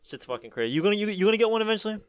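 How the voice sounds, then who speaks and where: A man's voice: high voice, very animated, rapid-fire, dull audio. A young man rambling through a casual chat with friends, swearing often and saying "dude" a lot. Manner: rambling and profane, leans on "dude".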